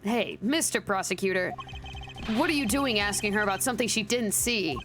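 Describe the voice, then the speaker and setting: A woman's voice: medium pitch, expressive, fairly quick, close to an everyday voice. Woman reading a cocky prickly agent guy, basically her normal voice, music under. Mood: challenging. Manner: reads with stumbles and self-corrections. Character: proud male foreign agent, blunt and prickly.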